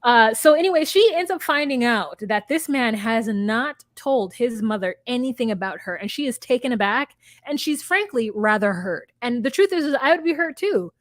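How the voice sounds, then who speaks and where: A woman's voice: on the high side, lively intonation, normal speed, hardly any pauses, dry recording, clean studio sound. A woman in her thirties co-hosting a podcast, chatting casually and rambling through a reality show recap with plenty of filler words. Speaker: podcast co-host. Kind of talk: casual chat.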